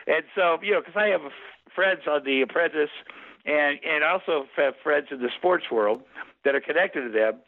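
A man telling a long story as an interview guest, rambling and lively, with many restarts and quoted exchanges. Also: mid-range voice, fairly quick. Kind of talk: animated storytelling. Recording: phone-like narrow sound.

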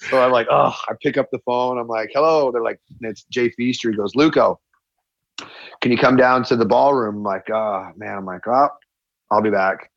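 Ex hockey guy telling a story, does the voices loud and high, dry close sound. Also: moderate pace, creaky, no echo, muffled recording. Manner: animated, acts out quotes with a raised voice. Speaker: former hockey player. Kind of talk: casual storytelling.

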